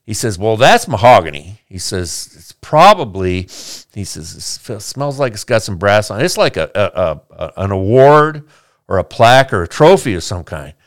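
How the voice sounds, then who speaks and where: A man's voice: on the low side, big pitch swings, moderate pace, dry recording, clean studio sound. A man telling a long joke in a casual, rambling way, acting out the characters' lines. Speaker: podcast host telling a joke.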